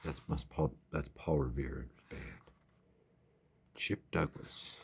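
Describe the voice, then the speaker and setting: A man's voice: extremely low pitch, steady tone, slow pace, vocal fry, breathy edge. A man giving rambling, wry late-night commentary at home as a vlogger. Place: home at night, windows open.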